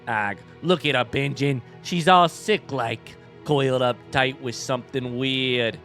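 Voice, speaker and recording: A man reading game dialogue aloud as gruff, businesslike male bug scrap merchants, drawling slowly in a put-on Boston and New York accent. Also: medium pitch, a bit bright, faint music behind. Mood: haggling.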